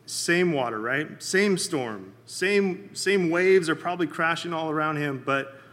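A man leading a Bible study in a casual, conversational sermon, often checking in with his listeners and pausing with fillers. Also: fairly high pitch, fairly bright tone, long reverb tail. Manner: halting, many fillers and restarts.

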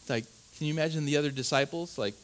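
A man's voice: fairly high pitch, rapid-fire. A man preaching a sermon in an earnest, emphatic way, often restarting his words and asking "right?". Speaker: pastor.

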